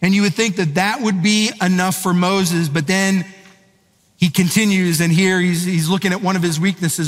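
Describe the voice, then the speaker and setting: A man's voice: high-pitched, steady tone, normal speed. A male pastor giving a sermon in a conversational, storytelling way, asking his listeners questions. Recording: echoey hall.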